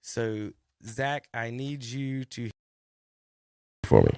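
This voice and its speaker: A middle-aged man, hosting sports talk radio and telling a rambling, animated coaching story with many restarts. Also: mid-range voice, drawn-out words, gravelly, pauses often, clear, resonant tone, dry recording. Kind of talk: casual radio chat narrating a video clip. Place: radio studio.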